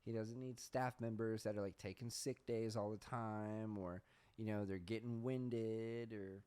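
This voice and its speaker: A man hosting a podcast, talking in a casual, profane, deadpan sarcastic monologue. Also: fairly low pitch, unhurried, clean tone. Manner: deadpan sarcastic, profane, says "bro" a lot. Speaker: podcast host.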